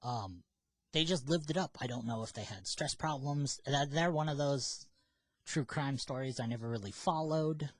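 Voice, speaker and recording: A man's voice: medium pitch, moderate pace, no room sound. A man co-hosting a casual podcast, playful and teasing as he talks through stories and plans. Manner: teasing, playful, hints at what comes next. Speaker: podcast co-host. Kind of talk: casual chat.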